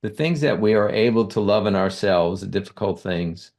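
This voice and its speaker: A man with a fairly low voice, explaining his ideas in a calm, measured way during a relaxed interview. He sounds teacherly and unhurried. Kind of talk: casual conversational interview.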